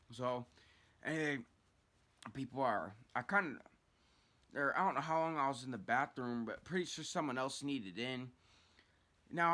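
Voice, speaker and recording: A man's voice: mid-range voice, sharp tone. A young man telling a personal story in a casual, rambling way, swearing often and restarting his sentences. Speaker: storyteller vlogger.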